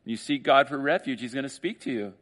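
Joking conversational pastor preaching. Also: male voice, medium pitch, quick pace, a bit bright. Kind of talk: sermon.

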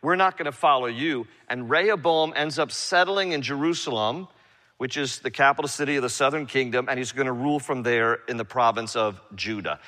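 A man's voice: mid-range voice, brisk, sharp tone. A man preaching an expository sermon, reading scripture and retelling it in casual, slangy paraphrase for his congregation. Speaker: pastor. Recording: long hall reverb.

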